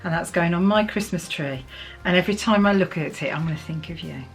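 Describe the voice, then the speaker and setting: A middle-aged English woman from the UK, chatting warmly and emotionally as she opens a parcel for her vlog. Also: on the low side, a little fast, faint music behind. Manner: chatty, gushing, emotional, laughs often. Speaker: vlogger. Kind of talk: casual chat while opening a parcel.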